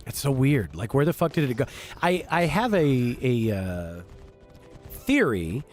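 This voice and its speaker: A man's voice: mid-range voice, very animated, measured pace, soft background music. A man streaming a space game, chatting casually with teammates in a blunt, profane, ranting way. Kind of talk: casual gaming chat.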